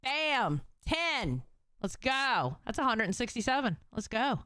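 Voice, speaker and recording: A woman's voice: on the high side, very animated, a little slow, sharp tone, no room sound, studio quality. A woman live-streaming, reacting to clips and reading chat in blunt, profane, teasing banter.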